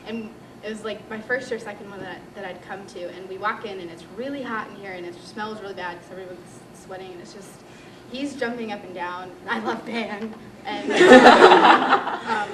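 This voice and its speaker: A woman's voice: medium pitch, normal speed. A teenage girl, a senior band student, chatting through a memory with many fillers in a casual group interview. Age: teens. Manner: chatty, filler-heavy recounting. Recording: roomy, distant mic with clear background noise.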